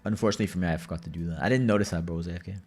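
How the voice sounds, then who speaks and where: Young male streamer, low-pitched, loose chatty delivery, cursing, light music bed. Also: rapid-fire, a little mellow. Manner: rambling, swearing, chatty storytelling. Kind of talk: casual gaming commentary.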